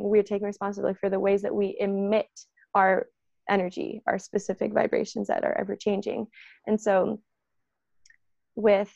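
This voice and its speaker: Gravelly-voiced woman in animated spiritual chat. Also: medium pitch, no echo, highs cut off. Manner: animated, acts out quoted voices, frequent fillers.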